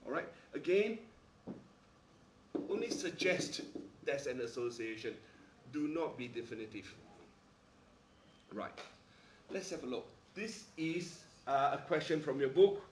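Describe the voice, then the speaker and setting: A male maths teacher lecturing a class, pressing his points and checking in with his students after nearly every sentence. His voice sits a little high for a man. It is caught from a distance in an echoey classroom. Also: big pitch swings, unhurried, pauses often, slight background noise. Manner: emphatic, repeats "all right?" often. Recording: echoey room, mic far off.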